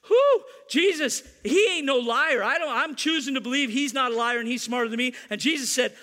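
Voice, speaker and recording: A man preaching in a very high, bright and forceful voice, pressing his points hard and repeating them, with playful teasing asides. His voice rings out in a church with a long, lingering reverb. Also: a little fast, few pauses. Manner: emphatic, repeats key lines, teases the congregation. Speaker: pastor. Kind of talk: sermon.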